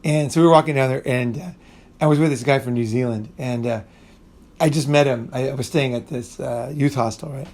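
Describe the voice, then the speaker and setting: A man's voice: mid-range voice, a little fast, a little mellow. A middle-aged man telling a rambling, profane story in casual talk, often restarting sentences and acting out what people said. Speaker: channel host.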